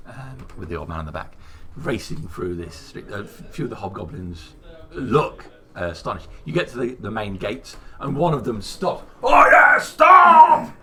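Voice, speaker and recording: A man narrating a tabletop game as game master, relaxed, with fillers. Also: fairly low pitch, normal speed, slight background noise.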